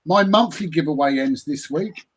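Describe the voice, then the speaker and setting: A man's voice: a little high, moderate pace, breathy edge. A man joining a casual livestream chat, making teasing quips. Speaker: livestream co-guest.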